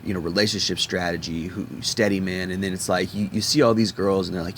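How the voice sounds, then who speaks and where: Low deep-voiced guy ranting on his channel, blunt and sweary, keeps restarting lines. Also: steady tone, quick pace, few pauses, slight background noise. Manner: blunt, profane, repetitive restarts. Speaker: video commentator. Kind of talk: ranting monologue.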